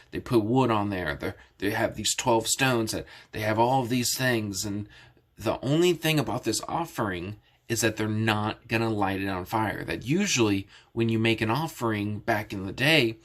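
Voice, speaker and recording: A man's voice: lowish voice, fairly bright tone. A man casually retelling a Bible story as a lesson, explaining things simply and often restarting sentences. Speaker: Bible teacher.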